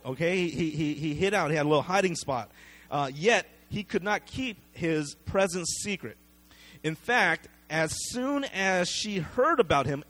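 A man with a fairly high voice preaches a relaxed, conversational sermon. He retells the passage in plain everyday words and slips into the voices of the people in the story, checking in with his listeners as he goes. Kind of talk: casual sermon.

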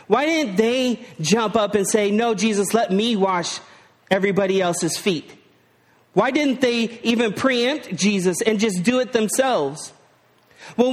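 A man preaches in a relaxed, conversational way with a fairly high voice. He asks rhetorical questions and uses casual slang while he teaches from scripture. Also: long reverb tail. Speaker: pastor. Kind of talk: sermon.

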